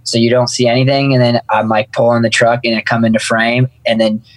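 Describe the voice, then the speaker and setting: A man's voice: medium pitch, flat delivery, fairly quick, no room sound, rough recording. A man who snowboards, chatting as a guest in an easygoing, rambling way. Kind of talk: casual interview chat.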